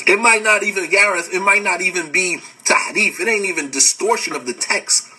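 A man, hosting a podcast and giving a casual religious lecture, animated and laughing often as he answers comments. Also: high voice, brisk, slightly rough, distant mic, low-quality recording.

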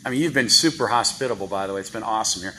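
A man's voice: on the low side, rapid-fire, pushed and bright, slight background noise, low-quality recording. A man preaching a sermon in a church, chatty and full of rhetorical questions to the congregation. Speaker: guest preacher. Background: congregation responses.

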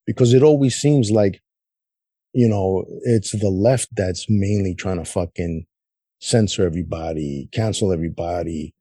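A man's voice: on the low side, dark tone, husky, no echo, studio quality. A man co-hosting a podcast, talking politics bluntly with lots of swearing and a casual "man" in most sentences. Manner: blunt, heavy swearing, says "man" often. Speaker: podcast co-host.

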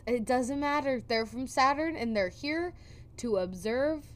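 This podcast co-host has a high, unhurried voice as she shares a story in a casual chat. Full of energy, she voices the quotes herself and laughs through them.

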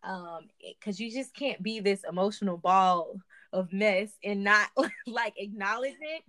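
A woman co-hosting a faith podcast, chatting expressively with frequent laughs and sudden upward swings in pitch. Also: unhurried, fairly bright tone. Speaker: podcast co-host.

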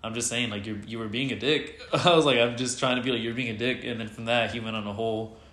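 A man telling a heated story in casual chat, animated and swearing, acting out what others said. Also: mid-range voice, quick pace, roomy sound. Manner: animated retelling, swears freely, quotes others in voices.

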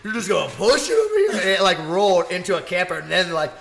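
A man's voice: high-pitched, wildly swooping pitch, quick pace, gravelly, a bit bright. A young man chatting casually, telling rambling, profane stories with frequent laughter. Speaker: storyteller. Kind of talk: casual chat.

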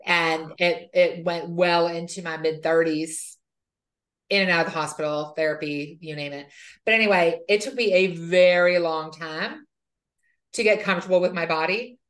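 A woman's voice: lowish voice, a bit bright. A woman hosting a podcast, speaking candidly and relating her own experience. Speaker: podcast host. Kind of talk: casual chat.

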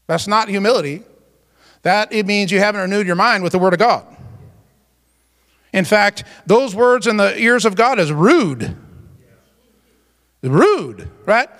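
A man's voice: high voice, expressive, unhurried, long pauses, a bit bright, long reverb tail. A man preaching a sermon as pastor, emphatic and exclamatory.

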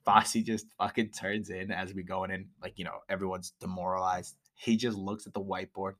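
A young man with a somewhat low voice tells stories in loose, profane podcast chat. He gets animated as he goes, acting out other people with sudden loud shouts. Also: fairly quick. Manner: animated storyteller, swears a lot, shouts in impressions. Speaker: podcast co-host. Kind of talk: casual chat.

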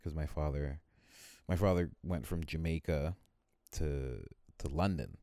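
A man's voice: a little slow, mellow, no echo, clean studio sound. A man casually chatting and telling rambling stories, often mimicking other people. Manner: rambling storyteller, mimics people in high voices. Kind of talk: casual chat.

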